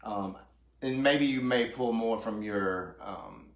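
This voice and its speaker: A man's voice: fairly low pitch, slow pace, echoey room. A man hosting a live-stream chat, talking in a casual, chatty way and reading out viewer comments. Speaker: host.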